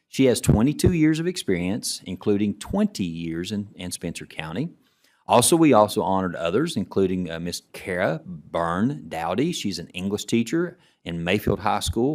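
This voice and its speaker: A middle-aged man who is a state education commissioner, giving relaxed presentation remarks to a student council and often restarting his sentences. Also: deep voice. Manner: relaxed storytelling, frequent restarts.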